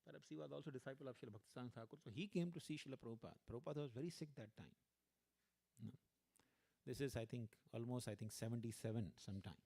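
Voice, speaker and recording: A man's voice: medium pitch, rapid-fire, vocal fry. Guy giving a guest sermon, storytelling mode, keeps saying you know, normal mid voice. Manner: animated storyteller, acts out quoted voices, frequent "you know". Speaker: guest speaker. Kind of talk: storytelling religious lecture.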